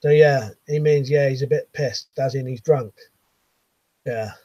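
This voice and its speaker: A man's voice: mid-range voice, steady tone, measured pace, mellow, no echo, highs cut off. An English man in his late thirties hosting a casual live chat from his bedroom, reading viewers' messages with easy, chuckling banter. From England. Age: 30s. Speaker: livestream host reading chat.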